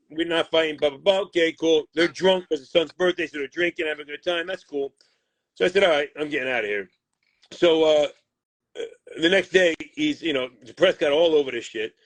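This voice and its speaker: This interview features a boxing manager heatedly telling how a deal went sour, blunt and profane as he mimics both sides of the conversation. His voice has a fairly high pitch, and the recording is dry.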